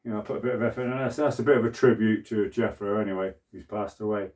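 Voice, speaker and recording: An older British man in his sixties, chatting away to his camera in a cramped shed as he works. His voice is dark and mellow, with a loose, rambling flow. He keeps up a running patter with himself as he goes. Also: lowish voice, steady tone, quick pace. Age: 60s. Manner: chatty, rambling, self-talk while working. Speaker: woodworking vlogger. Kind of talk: casual workshop chat to camera. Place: small cluttered shed. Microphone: camera on a mount.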